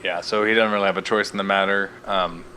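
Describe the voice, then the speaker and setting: Podcast co-host, man, low bright voice, joking recap chat. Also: level tone, fast talker, a little hiss or hum. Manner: laughs easily, loose and swearing.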